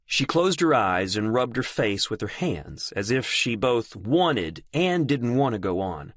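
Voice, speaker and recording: A male narrator reads an audiobook in a measured storytelling manner, with lively movement in his pitch. He sits close to the mic, and the recording is dry and free of room echo. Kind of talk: scripted narration.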